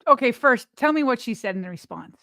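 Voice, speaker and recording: Bright-voiced woman, teasing and animated. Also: a little high, quick pace, no echo, clean studio sound. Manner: animated, teasing, laughs a lot. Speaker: podcast co-host. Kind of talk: casual chat.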